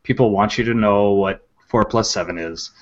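A man co-hosting a casual podcast, delivering wry deadpan one-liners. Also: on the low side, moderate pace, lo-fi sound. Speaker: podcast co-host.

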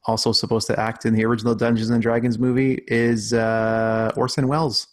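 A man on a casual comedy podcast, telling corny jokes deadpan and chuckling at them. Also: mid-range voice, a little fast. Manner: chuckling, deadpan joke-teller. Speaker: podcast co-host.

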